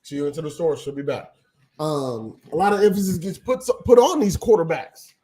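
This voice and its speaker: A man's voice: on the high side, normal speed, dark tone. A man hosting a livestream, giving opinionated casual sports commentary that rambles with frequent ums. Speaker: livestream host.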